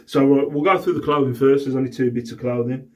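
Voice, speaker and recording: A man's voice: medium pitch, fairly even intonation, fast, distant mic. A middle-aged man, casually rambling to camera about his day and his resale finds, exasperated and swearing freely. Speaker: reseller vlogger. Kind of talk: casual vlog chat.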